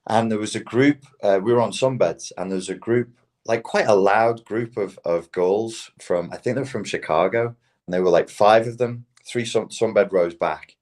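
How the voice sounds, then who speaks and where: A man with a fairly low voice talks in a loose, conversational way on a podcast. He tells stories with plenty of swearing and now and then slips into quoted voices. The tone stays casual and unhurried. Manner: storytelling with animated quoted voices. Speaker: podcast guest. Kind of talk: casual chat.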